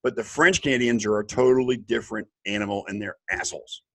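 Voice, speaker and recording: A man on a casual sports chat show, blunt and quick to swear. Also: on the low side, gravelly. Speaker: co-host.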